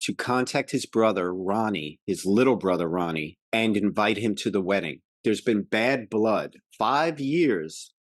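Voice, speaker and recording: A male podcast co-host recapping a film in casual chat, acting out the lines in quick voices. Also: on the low side, no room sound, studio quality. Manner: animated, acts out movie quotes in voices.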